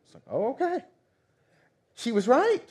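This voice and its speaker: A man in his thirties preaching a sermon, telling stories with lively acted-out dialogue. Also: very high voice, a little slow, husky. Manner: animated storytelling, acts out quoted dialogue. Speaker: pastor.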